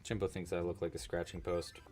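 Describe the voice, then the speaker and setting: A man's voice: sits low, little pitch movement, brisk, a little mellow, faint music behind. A man casually teaching a crochet-along on a livestream, chatty and playful, often chatting with his cat. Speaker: crochet instructor.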